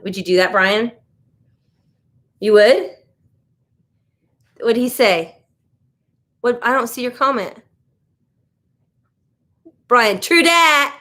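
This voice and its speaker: An American woman hosting a casual live stream, chatting loosely and reacting to viewer comments as she goes. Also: mid-range voice. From United States. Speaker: livestream host.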